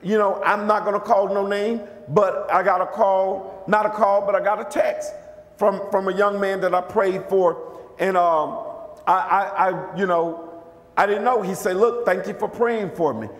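A man preaching in a high, bright register, his voice ringing through a big echoey church hall. He talks in a lively, conversational way and keeps calling out questions to the congregation. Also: unhurried. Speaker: bishop, preacher. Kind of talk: sermon.

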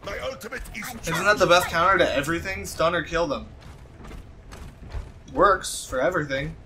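A man giving casual gameplay commentary, excitable, shouting in frustration and cheering his team on. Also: a little high, normal speed, background noise. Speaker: gaming video host. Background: game music and sound effects.

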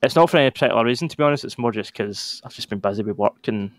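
A Scottish man co-hosting a casual podcast, talking through the news in a measured, explaining manner. His voice sits at a middling pitch and sounds dry and close, with no room around it. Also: expressive, no echo. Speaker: podcast co-host. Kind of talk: casual chat.

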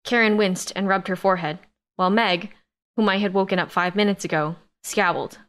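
A woman's voice: medium pitch, steady tone, a little fast, fairly bright tone. Woman narrating a sci-fi audiobook. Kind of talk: scripted first-person narration.

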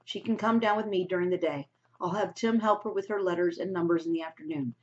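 A woman's voice: lowish voice, natural voice. A woman reading aloud and voicing a stern, practical older housekeeper in a storybook, on a dull lo-fi recording. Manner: firm, measured, warning.

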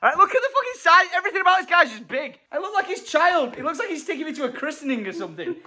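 A man's voice: very high-pitched, rapid-fire. A man, hosting a casual vlog from a car and joking around with his passengers. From England. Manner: joking and teasing, lively. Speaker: vlogger and host. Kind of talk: casual chat. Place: inside a car in traffic.

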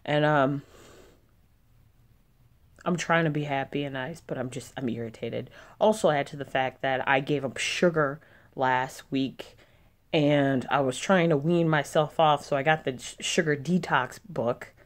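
A woman's voice: low-pitched, steady tone, unhurried. A young woman vlogging casually, venting in an irritated way and swearing often. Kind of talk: casual vlog chat.

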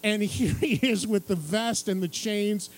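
High-voiced man telling a lively story. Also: unhurried, low-quality recording. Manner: lively storyteller who acts out other people's lines and laughs through the tale. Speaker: radio and TV music host telling a story at a book signing. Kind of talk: animated anecdote to a live audience. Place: radio station stage at a public event.

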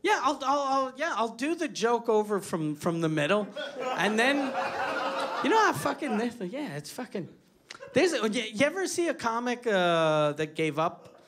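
A man from Quebec, Canada, does a crude, self-mocking stand-up set on a club stage, telling a story loaded with profanity. His very high-pitched voice swings widely in pitch at a normal speed. Loud audience laughter and crowd noise fill the live club recording.

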